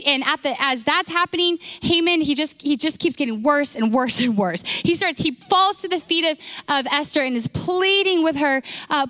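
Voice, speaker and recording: Bright high-voiced woman pastor preaching. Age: young adult. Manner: lively storytelling with acted dialogue and restarts. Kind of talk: sermon.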